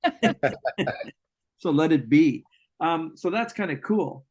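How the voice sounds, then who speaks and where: Man hosting a relaxed interview. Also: on the high side, slow pace. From Canada. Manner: reflective, rambling with restarts and fillers. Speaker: host, psychic medium. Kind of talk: casual conversational interview.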